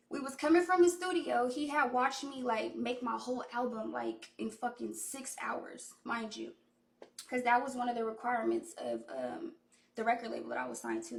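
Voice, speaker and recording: A woman's voice: fairly high pitch, creaky, recorded from a distance. A young woman, a recording artist, telling a loose, profane personal story full of "like," in an echoey room away from the mic. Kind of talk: casual story time.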